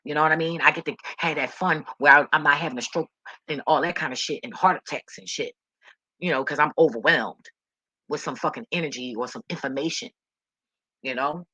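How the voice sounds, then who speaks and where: Woman vlogger blunt profane rant, forceful bright voice, dry close sound. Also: low voice, a little fast, slightly rough, no room sound.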